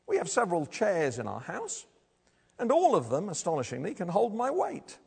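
A man gives a sermon in a church, speaking conversationally and often turning to the congregation with rhetorical questions. His husky voice swings widely up and down. A long reverb hangs behind every phrase, as in a large hall. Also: sits high, wildly swooping pitch, normal speed, darkish tone. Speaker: preacher.

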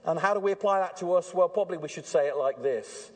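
A man preaching a sermon at an evening church service, earnest and swinging between hushed warnings and fervent emphasis. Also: a little high, expressive, a little fast, few pauses, husky.

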